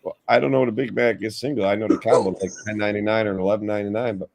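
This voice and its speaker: A man's voice: on the low side, rapid-fire, vocal fry. Profane storytelling man. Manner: profane, animated, acts out voices in anecdotes. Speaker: host, shop worker. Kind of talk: casual chat, storytelling.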